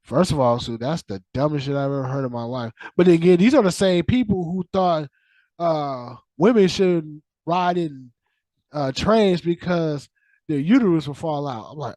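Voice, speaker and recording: Here a fairly high-pitched man, speaking at normal speed in a dry recording, rants casually on a podcast. He swears freely, stays animated, restarts repeatedly, repeats himself, and trails away into filler.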